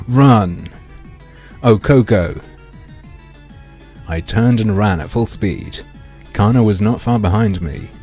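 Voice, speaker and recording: A man's husky, slightly low voice swings widely in pitch as he drawls through game text and mocks it with swearing asides. His throat is strained, and he keeps clearing it. Faint game music plays underneath. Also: mellow. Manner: sardonic, swearing, mock-dramatic reading. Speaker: gaming streamer. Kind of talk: let's play commentary reading game text aloud.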